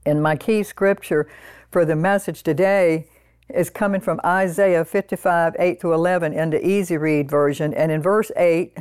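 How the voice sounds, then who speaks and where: A woman with a lowish voice preaches a sermon, slowing down to read scripture aloud and then speaking casually to her listeners. The recording is dry and close, with no room sound. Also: fairly even intonation, a little mellow, clear, resonant tone, no echo. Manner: conversational, with frequent "you know" asides.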